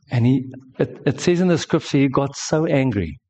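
A man's voice: mid-range voice, animated, moderate pace, few pauses, a little mellow. A man preaching a sermon to a congregation. He tells stories emphatically and jokes with the listeners. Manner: storytelling, emphatic, joking with the congregation. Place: church service.

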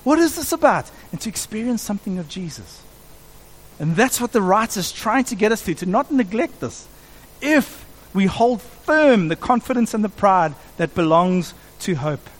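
High-voiced man preaching animatedly. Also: expressive, normal speed. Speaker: pastor. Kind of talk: sermon.

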